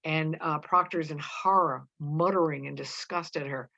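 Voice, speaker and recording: Low-voiced woman reading a play aloud. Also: moderate pace, vocal fry, pushed and bright. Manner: reads lines with frequent fillers and self-corrections. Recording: dull lo-fi recording.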